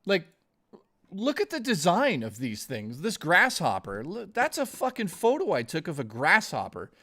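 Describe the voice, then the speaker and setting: A man's voice: high voice, huge pitch swings, normal speed, sharp tone. A man streaming live, chatting casually and ramblingly with viewers, swearing often and calling them dude and guys. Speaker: gaming streamer.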